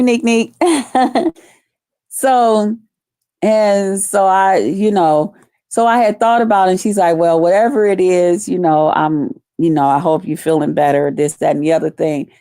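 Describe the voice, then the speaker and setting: A woman's voice: mid-range voice, mellow, dry recording, clean studio sound. A woman hosting a casual live stream, talking loosely with lots of profanity and greeting viewers by name. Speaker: livestream host.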